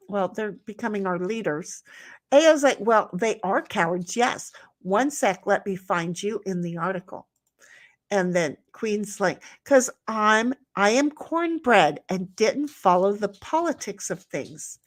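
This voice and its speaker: A woman's voice: medium pitch, animated, takes it slowly, a bit bright. A woman with a Southern US accent hosting a livestream, reading chat messages aloud in a casual, blunt, rambling way, swearing freely and trailing off mid-sentence.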